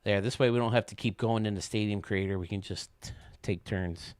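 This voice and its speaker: A man's voice: fairly low pitch, brisk, darkish tone, clean tone, dry recording. A male streamer chatting casually with his viewers while gaming, joking and swearing freely.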